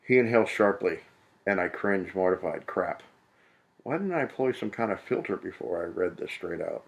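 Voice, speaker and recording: A man with a low, gravelly voice reads a novel aloud for laughs. He keeps stopping to mock it in crude, profane asides, sounding fed up with the text. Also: animated, moderate pace. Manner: profane, exasperated, mocking. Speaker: comedic reader. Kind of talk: comedic read-aloud with crude commentary.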